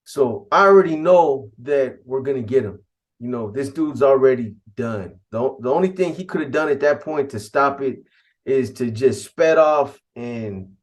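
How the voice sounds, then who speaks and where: A man's voice: medium pitch, a little mellow. Laid-back man telling a street story. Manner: laid-back street slang, many restarts and asides. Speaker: podcast storyteller. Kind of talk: casual first-person storytelling.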